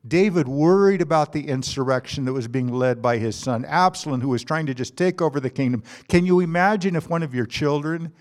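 A man's voice: on the high side, fairly quick, hardly any pauses. A man preaching a sermon, earnest and emphatic, repeating key phrases. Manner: earnest, emphatic repetition with restarts. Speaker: pastor.

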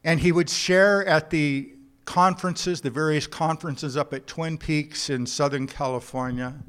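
A man preaching a sermon in an earnest, unhurried way, sometimes halting and repeating words as he builds a point. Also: on the high side, steady tone, fairly bright tone, smooth. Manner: earnest preaching with told jokes and a drawn-out, halting delivery. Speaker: pastor.

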